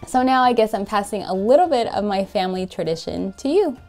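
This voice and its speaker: A woman with a slightly hoarse voice from a cold, chatting casually and giggling as she shares a recipe in her home kitchen. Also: mid-range voice, animated, brisk, a little mellow, soft background music. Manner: bubbly and giggly. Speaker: cooking vlogger. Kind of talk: casual cooking video chat.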